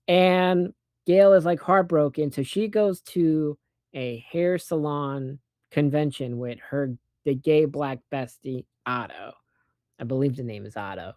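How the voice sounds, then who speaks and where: Movie recap, casual, profane, rambling, sarcastic asides, mid pitch, dry close sound. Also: darkish tone, dry recording. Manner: acts out characters' lines in quick put-on voices.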